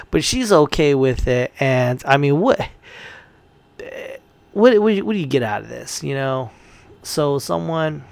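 A man ranting in a casual commentary, heated and profane, rambling with frequent restarts. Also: mid-range voice.

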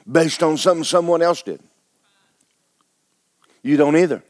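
A man's voice: a little high, normal speed, darkish tone, no echo, studio quality. A man preaching a sermon as pastor, talking to his congregation with rhetorical questions. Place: church sanctuary.

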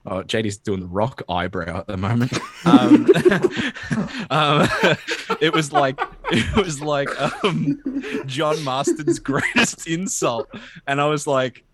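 Excitable male co-host who swears freely, with a lively, somewhat high voice. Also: slow pace. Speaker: podcast co-host. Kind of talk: casual chat.

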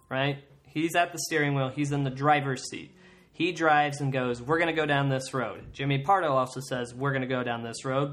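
A man's voice: a little high, fairly bright tone. A man hosting a comedy podcast, talking casually in a rambling way and often checking in with "right?". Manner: rambling, self-correcting, keeps asking "right?". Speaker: podcast host.

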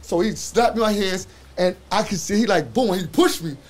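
A man's voice: high voice, brisk. A man in a casual podcast chat, telling a story animatedly with profane slang and acting out what others said.

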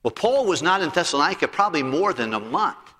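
A man preaching a sermon, retelling a story in an animated, storytelling way with frequent restarts. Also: on the high side, quick pace. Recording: long hall reverb.

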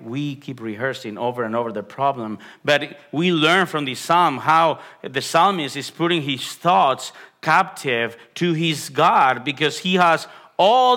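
A man's voice: fairly high pitch, pushed and bright. A man preaching a sermon as pastor of a congregation, earnest and emphatic, often repeating phrases and restarting his sentences with an "uh". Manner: frequent restarts and filler "uh".

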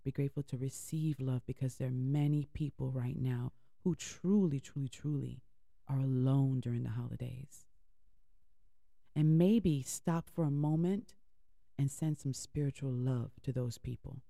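A woman's voice: very deep voice, a little slow, gravelly, warm tone, dry recording, studio quality. A woman hosting an internet radio show, giving heartfelt, encouraging inspirational talk and repeating phrases for emphasis. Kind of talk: inspirational talk between music.

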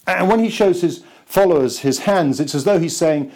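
A man, a church pastor, preaching a sermon slowly and emphatically, with dramatic pauses. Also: fairly high pitch, darkish tone.

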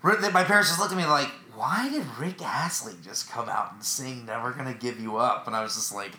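A man's voice: mid-range voice, lively intonation, brisk, sharp tone, slight background noise. A man in his thirties co-hosting a podcast, chatting casually with wisecracks and rambling asides. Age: 30s. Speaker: podcast co-host. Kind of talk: casual chat. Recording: roomy echo.

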